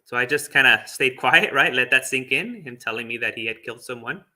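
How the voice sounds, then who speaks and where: Bright-voiced man, a monk telling a story. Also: medium pitch, fairly quick. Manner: chatty, full of fillers and little laughs. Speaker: Buddhist monk. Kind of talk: casual storytelling talk.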